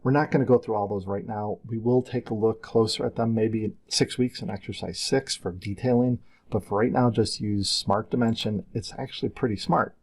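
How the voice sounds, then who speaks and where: Gravelly, husky middle-aged male instructor. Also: fairly low pitch, steady tone, a little fast, few pauses. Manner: casual and conversational, wanders into side stories. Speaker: CAD instructor. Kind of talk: screen-recorded software tutorial.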